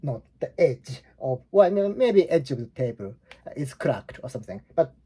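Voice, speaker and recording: This man's medium-pitched voice is dark and husky, swinging widely in pitch at a normal speed. He's in his forties with a Japanese accent, rambling through a casual language lesson full of fillers and restarts.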